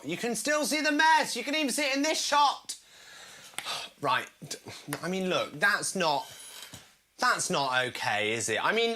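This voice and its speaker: Lively, bright-voiced British man chatting. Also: high-pitched. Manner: chatty, animated, self-mocking. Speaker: host of a live comedy show. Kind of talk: live show chat, reading viewer comments.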